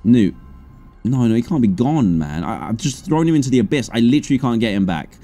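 Excitable man reacting to a game. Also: a little fast, faint music behind. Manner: excitable, animated reactions with high yelps. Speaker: gaming streamer. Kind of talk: let's play commentary.

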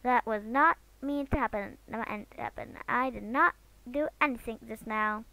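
A woman from Britain chatting goofily while she draws, swinging between loud outbursts and near-whispers. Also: fairly high pitch, normal speed, no echo. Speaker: drawing vlogger. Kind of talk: casual commentary while drawing.

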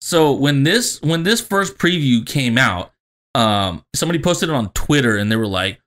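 Excitable swearing male podcast host. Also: mid-range voice, moderate pace. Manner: excitable, swearing, laughing often. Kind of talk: casual crude chat.

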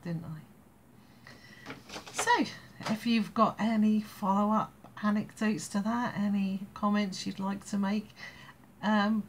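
A woman's voice: on the low side, a little hiss or hum. An English woman in her sixties telling a family anecdote in a casual, rambling way, laughing between phrases. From England. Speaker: storyteller vlogger.

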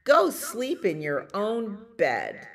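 A woman reading a picture book and voicing a fussy farm hen with shrill squawks. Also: wildly swooping pitch, takes it slowly, creaky, a bit bright, heavily acted. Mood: squawking.

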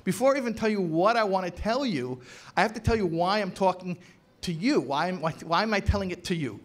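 A man speaking as a rabbi at an educators' convention, lecturing with emphasis, repeating phrases for stress and slowing down on key words. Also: sits high, animated. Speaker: rabbi giving a talk to educators. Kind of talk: conference lecture. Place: convention hall.

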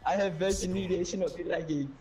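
A man's voice: sits high, fairly even intonation, quick pace, a crowd in the background, low-quality recording. A man chatting casually while gaming, teasing and taunting his opponent.

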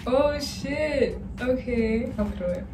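A woman's voice: on the high side, expressive, slow pace, reverberant, very noisy. Giggly young woman vlog host. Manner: giggly, playful, teasing. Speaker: channel host. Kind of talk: casual vlog chat. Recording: loud music behind.

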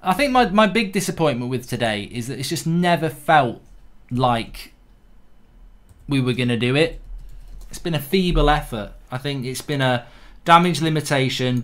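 A man hosting a live football fan reaction stream in a blunt, sarcastic, ranting manner. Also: medium pitch.

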